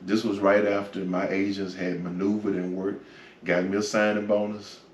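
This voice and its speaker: A man's voice: low-pitched, little pitch movement, normal speed. A man in his forties giving a reflective personal testimony in an interview, dropping "man" and "you know" as he goes. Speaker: interview guest. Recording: echoey room, from far off, faint noise.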